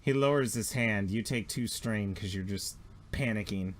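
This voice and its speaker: A man narrating a tabletop game as game master, telling the scene in an animated way with quick asides. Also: fairly low pitch, a crowd in the background.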